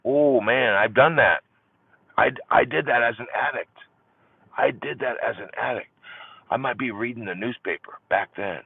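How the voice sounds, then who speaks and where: Gravelly older man, tinny and dry. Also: medium pitch, normal speed, no room sound. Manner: swings between loud exclaiming and hushed near-whispers. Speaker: support group livestream host. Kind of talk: impassioned livestream monologue. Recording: tinny phone-like audio, dry.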